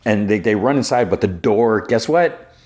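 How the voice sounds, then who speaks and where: A man hosting a podcast, casually retelling a TV episode and jumping up in pitch to act out the characters' lines. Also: normal speed. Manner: animated retelling, acting out characters' lines in a raised voice. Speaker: podcast host. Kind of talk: casual movie and TV recap.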